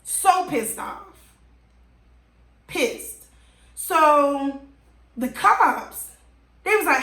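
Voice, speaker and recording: A high-voiced woman vlogger recounts a story with exasperated, animated emphasis, taking her time over the words. Her voice rings in a roomy, echoing space. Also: very slow, pauses often. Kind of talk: storytime vlog. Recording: roomy echo.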